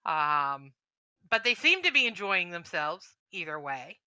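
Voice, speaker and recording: A woman narrating as game master, describing scenes with frequent pauses. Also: on the low side, very animated, sharp tone, clean tone, dry recording, rough recording. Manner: descriptive, hesitant with fillers.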